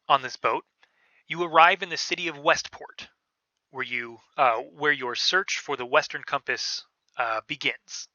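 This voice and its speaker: A man narrating a tabletop game as game master, in a casual, halting way with many fillers. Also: medium pitch, pushed and bright, no echo. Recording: dull, lo-fi podcast audio.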